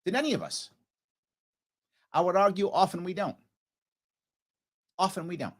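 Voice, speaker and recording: A man's voice: high voice, moderate pace. A man hosting a political talk radio show, telling a history story with rhetorical questions and answering them himself.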